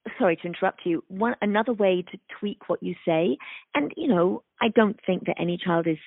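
Speech therapist guest, woman, gravelly edge, explains patiently, tinny dry call line. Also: mid-range voice, brisk, no echo. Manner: thoughtful, acts out examples in sing-song voices. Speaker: speech-language pathologist guest. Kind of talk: explanatory interview talk. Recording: dry, phone-like remote call audio.

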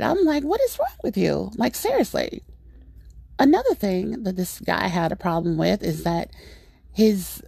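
A middle-aged woman hosting a podcast, telling a story in a rambling, exasperated, animated way. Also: mid-range voice, vocal fry, dry recording, clean studio sound. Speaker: podcast host. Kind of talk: casual storytelling monologue.

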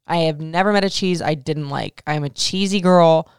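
Woman in her thirties, host of a casual Q&A podcast. Low, smooth voice, candid and emotional, swears freely. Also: normal speed, no echo, clean studio sound. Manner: frank, profane, heavy use of "like". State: emotional, near tears. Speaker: podcast host answering listener questions.

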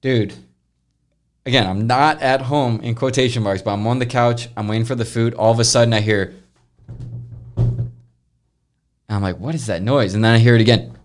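A young man hosting a podcast, casually telling a long story, rambling and animated, with frequent swearing. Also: mid-range voice, moderate pace, pauses often, faint music behind. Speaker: podcast host.

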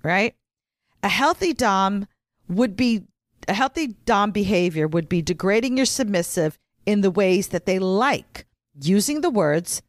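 A woman's voice: mid-range voice, lively intonation, measured pace, no room sound, studio quality. A woman co-hosting a podcast, chatting casually and teasing, giggly, at a table microphone. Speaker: podcast co-host. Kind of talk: casual chat. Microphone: studio microphone at a table.

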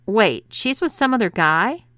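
A woman's voice: mid-range voice, lively intonation, normal speed, sharp tone, smooth, dry recording. A woman voicing a brash, cocky adult husband who blusters indignantly.

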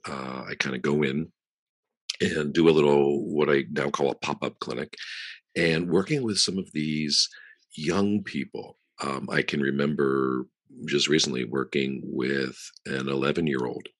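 A man's voice: very deep voice, unhurried, no room sound. A male podcast host and bodywork practitioner, telling a client story in casual interview chat. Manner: conversational, storytelling, a few restarts.

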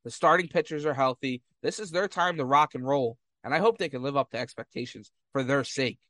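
A man's voice: mid-range voice, fairly quick, fairly bright tone, dry recording. A man giving casual sports commentary, fired up and trash-talking rival fans.

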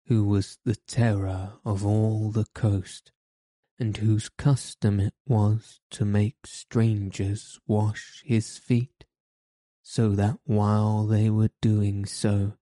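A man reading a storybook aloud in a steady, measured narration. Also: fairly low pitch, dry recording.

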